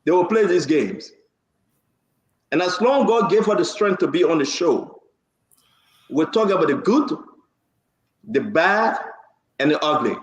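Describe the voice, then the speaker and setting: A man's voice: sits high, lively intonation, unhurried, pauses often, reverberant. A man hosting a heated political talk show, impassioned, cutting in and repeating himself for emphasis. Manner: impassioned, talks over others, repeats for emphasis.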